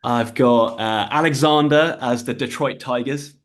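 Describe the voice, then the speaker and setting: A man's voice: mid-range voice, a little slow. A man co-hosting a casual podcast, reading out a prepared list with dry asides. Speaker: podcast co-host.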